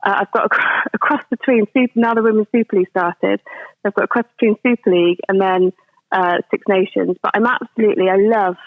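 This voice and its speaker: A woman's voice: medium pitch, steady tone, a little fast, dry recording. A woman in her forties, a rugby coach, answering podcast questions in a chatty, rambling way with many ums and restarts, heard over a phone or call line. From England. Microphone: phone or video call. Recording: tinny phone line, dry.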